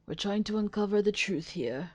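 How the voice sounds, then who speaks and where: A woman's voice: medium pitch, lively intonation, normal speed, a little mellow, faint music behind, natural voice. A woman voicing a stern male falcon defense attorney who speaks in a formal, commanding way. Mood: firm.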